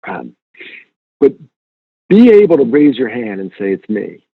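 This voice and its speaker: A man with a slightly husky voice talks earnestly as an interview guest, repeating key points for emphasis. His voice comes through a thin, phone-like line. The sound is close and dry. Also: mid-range voice, measured pace, dry recording. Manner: earnest, animated storyteller, emphatic repetition. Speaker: guest speaker. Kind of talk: conversational interview.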